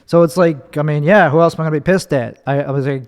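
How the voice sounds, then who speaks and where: A man's voice: on the high side, fast, hardly any pauses, long reverb tail. A young man, hosting a solo podcast, talking in a sarcastic, profane ramble and acting out other people's voices. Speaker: podcast host.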